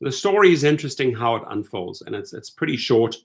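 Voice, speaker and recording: A man's voice: mid-range voice, brisk, creaky. A middle-aged man hosting rideshare commentary in a casual, incredulous rant, acting out the people he quotes. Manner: animated, incredulous, acts out quoted lines.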